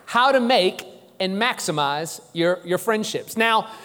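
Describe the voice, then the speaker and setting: A man preaching a sermon as pastor, lively and joking, drawing the congregation in. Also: high voice, a little slow. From New Orleans. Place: church sanctuary. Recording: long church reverb.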